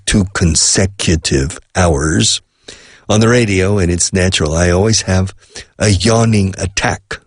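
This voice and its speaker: A man's voice: deep voice, husky, no room sound, clean studio sound. A middle-aged man hosting a radio show and teaching English, chatting casually, dropping in phrases and laughing often. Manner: chatty, mixes Spanish glosses, laughs often.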